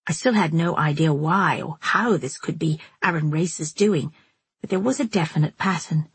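Very husky, low-voiced woman narrator. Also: normal speed, dry recording. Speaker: audiobook narrator. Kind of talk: first-person audiobook narration.

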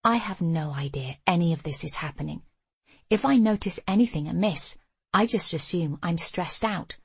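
An older woman narrating a memoir audiobook in a measured, intimate first-person voice. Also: on the low side, animated, vocal fry, breathy edge, dry recording.

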